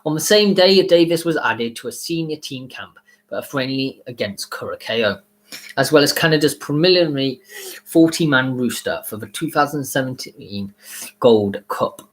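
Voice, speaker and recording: A man's voice: medium pitch, animated, normal speed, rough recording. A man presenting a casual video, reading facts with frequent stumbles and self-corrections. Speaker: YouTuber. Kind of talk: casual video commentary read from notes.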